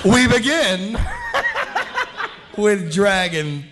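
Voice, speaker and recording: A man's voice: high voice, lively intonation, extremely slow, very noisy. A man hosting a live comedy dating game on a ballroom stage, with playful quips. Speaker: game show host. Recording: live hall recording with crowd laughter.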